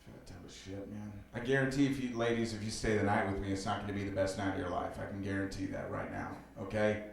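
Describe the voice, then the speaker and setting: A man performing a stand-up comedy set on a club stage, rambling loosely with many fillers and telling dark jokes flatly. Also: fairly low pitch, fast talker, creaky. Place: comedy club stage before a live audience. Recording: roomy club sound, distant mic.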